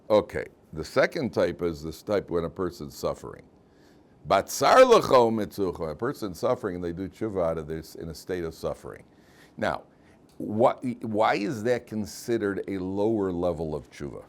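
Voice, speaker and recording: A man's voice: low-pitched, normal speed. A middle-aged man teaching a class as a rabbi, telling stories and jokes, often repeating and restarting his phrases. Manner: animated storyteller, repeats phrases, many restarts. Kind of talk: casual lecture with jokes.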